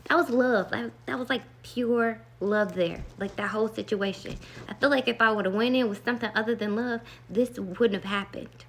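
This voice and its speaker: A woman's voice: on the high side, moderate pace, a little hiss or hum. A woman vlogger telling a rambling, earnest story about meditation and love, full of "like" and asides. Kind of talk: casual storytelling to camera.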